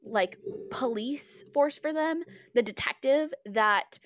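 A woman's voice: sits high, lively intonation, takes it slowly. Woman rambling through a casual chat. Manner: rambling retelling with many "like"s and restarts. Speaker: podcast co-host.

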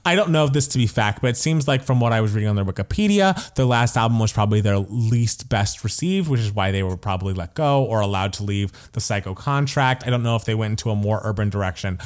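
A man's voice: on the low side, lively intonation, fast talker, hardly any pauses. A man co-hosting a podcast in casual chat, gushing with enthusiasm, laughing often and filling his talk with "like". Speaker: podcast co-host.

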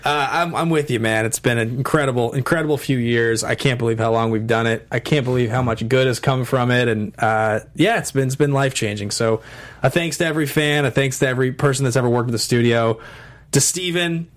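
A man's voice: medium pitch, fairly quick. A man co-hosting a casual studio podcast, talking in an upbeat, promotional way. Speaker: co-host.

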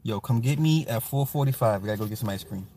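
A man's voice: medium pitch, quick pace, background noise. A man hosting a casual livestream, reading comments in a loose, profane way and often repeating apologies and fillers.

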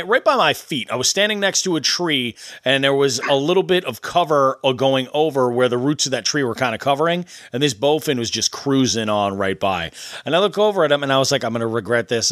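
A man's voice: mid-range voice, fairly bright tone, no echo, studio quality. A man hosting a casual podcast, telling a rambling fishing story with chuckles. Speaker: podcast host. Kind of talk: casual chat.

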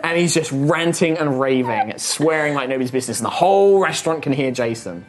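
A man's voice: on the high side, animated, a little fast. A man narrating as game master of a tabletop game, chatty and rambling, laughing at his own scenes. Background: faint music.

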